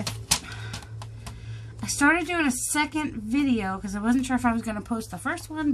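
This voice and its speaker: A woman's voice: a little high, slight background noise. A woman hosting her crafting channel, rambling and self-deprecating, chatting casually as she shows her work. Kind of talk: casual chat.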